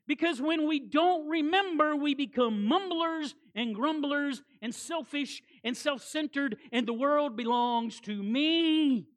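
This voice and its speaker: A woman delivers a sermon as guest preacher, with a high-pitched voice. She is animated and hammers points home through repetition. Folksy, conversational asides break up the preaching. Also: measured pace, hardly any pauses.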